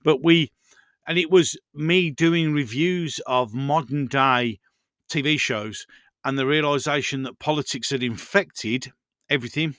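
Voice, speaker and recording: A man's voice: on the high side, measured pace, fairly bright tone, no echo, clean studio sound. A man hosting a casual live stream, rambling through viewer comments and chatting to his pets.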